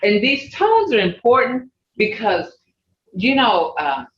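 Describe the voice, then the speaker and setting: A language teacher giving a slow, repetitive pronunciation lesson over a video call, often checking in with "okay?". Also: medium pitch, big pitch swings, fairly bright tone. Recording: roomy, muffled video-call audio.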